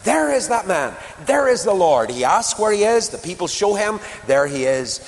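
Male preacher, expressive, slightly high voice, long church reverb. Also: normal speed. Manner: dramatic, questioning, storytelling. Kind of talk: sermon.

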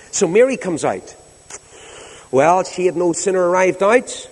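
Preacher in a reverberant church hall. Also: male voice, sits high, lively intonation. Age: over 60. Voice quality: King James scripture reading, slow hushed emphasis. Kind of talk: sermon.

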